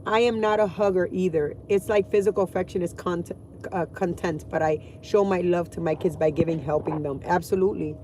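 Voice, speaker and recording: A woman's voice: lowish voice, fairly even intonation, fairly quick, dark tone, a little hiss or hum. A woman in her forties talking candidly and emotionally in a casual vlog from inside her car, swearing freely. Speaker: vlogger.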